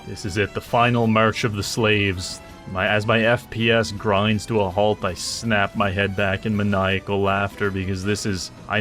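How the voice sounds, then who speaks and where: Male gamer, lower voice, sardonic commentary with bursts of mock rage, light music bed. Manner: sardonic, excitable, swings into loud outbursts. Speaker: gaming YouTuber. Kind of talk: casual gameplay commentary.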